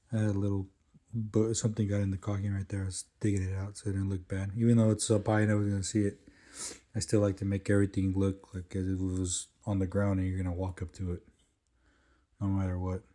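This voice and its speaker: A man's voice: on the low side, dark tone. A man narrating his caulking work in a laid-back, casual way, swearing often as he goes, recorded on smart glasses. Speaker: caulking tradesman.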